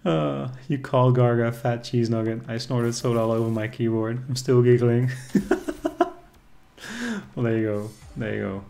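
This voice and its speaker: A man's voice: mid-range voice, fairly even intonation, moderate pace, creaky, mellow. A man streaming casually, chatting with viewers and reacting to the game as it plays. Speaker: casino streamer. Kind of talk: casual live-stream commentary.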